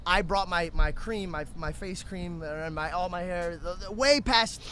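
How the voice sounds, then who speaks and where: A young man co-hosting a podcast, telling a story in casual chat and acting out quotes in loud, shouted bursts. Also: high-pitched, measured pace, slight background noise. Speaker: podcast co-host.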